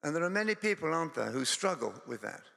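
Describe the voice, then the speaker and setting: A Scottish man preaches with a strongly gravelly, bright voice. He talks in a chatty, self-deprecating way, wandering into stories and jokes. The sound carries a long reverb from a church. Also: a little high, sing-song, fast. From Scotland. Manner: conversational, self-deprecating, digressive. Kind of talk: sermon with humorous storytelling.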